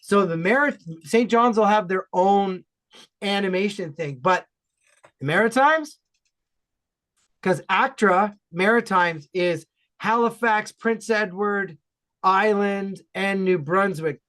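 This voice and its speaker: Man, Ontario Canadian accent, podcast regular, casual chat, energetic, emphatic. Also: sits high. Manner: energetic, emphatic, fast bursts.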